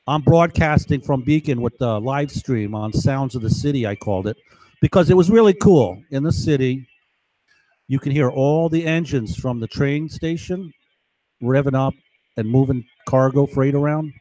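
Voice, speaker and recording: This is a middle-aged New Yorker with a medium-pitched, darkish voice, captured dry. His long monologue wanders, peppered with "right?" and "you know?", and he performs the overheard voices as he tells his story.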